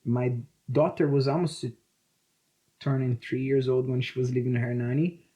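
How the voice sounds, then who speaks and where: A man in his thirties from Brazil with a Brazilian accent, speaking English as a second language, telling animated, swear-filled stories as a podcast guest. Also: mid-range voice, moderate pace, highs cut off. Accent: Brazilian Portuguese. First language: Portuguese. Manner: swearing, animated, acts out quotes. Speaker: guest, jiu-jitsu coach. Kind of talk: casual storytelling interview.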